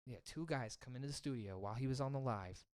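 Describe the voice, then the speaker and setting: A man's voice: mid-range voice, fast talker, darkish tone, smooth. A young man, a musician, recounting his band's history in a casual chat, rambling with many fillers. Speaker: guest musician.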